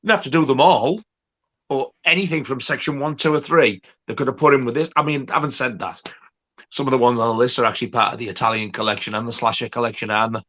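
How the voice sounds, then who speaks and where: A man's voice: mid-range voice, fast talker, fairly bright tone. A man, co-hosting a casual film chat, blunt and dry, sometimes mimicking voices. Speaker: co-host.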